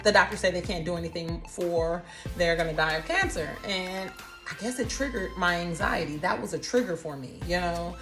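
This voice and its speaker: A woman, telling her own cancer story in a casual, expressive, folksy way. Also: on the low side, moderate pace, soft background music. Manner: animated, expressive, folksy, calls listeners honey.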